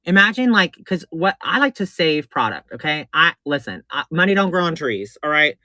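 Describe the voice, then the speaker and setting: A man giving a live makeup tutorial in a sassy, excitable way, swooping between chirpy highs and low purring asides and repeating his instructions. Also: normal speed, no echo. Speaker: drag performer doing a makeup tutorial.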